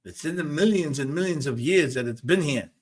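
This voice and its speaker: A man's voice: on the high side, animated, brisk, a little mellow. A man hosting a spiritual talk show, speaking emphatically and repetitively and arguing with his viewers. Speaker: host.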